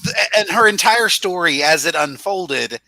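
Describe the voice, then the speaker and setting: A man's voice: high voice, lively intonation, moderate pace, pushed and bright, dry recording, poor audio. A man talking thoughtfully as a fan panelist in a casual discussion, often restarting his sentences.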